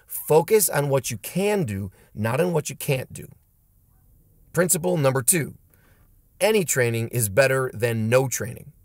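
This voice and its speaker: A man's voice: medium pitch, no room sound, studio quality. A man who teaches martial arts giving an emphatic, punchy motivational talk to camera. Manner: emphatic and punchy, with blunt pep-talk lines. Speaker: martial arts instructor and channel host.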